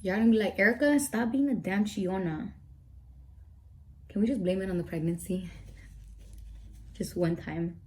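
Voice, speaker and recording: A woman's voice: mid-range voice, moderate pace, pauses often, a little mellow, a little hiss or hum. A young woman vlogger telling an emotional story, tearful and rambling as she recounts it. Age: young adult. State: teary. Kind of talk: storytime vlog.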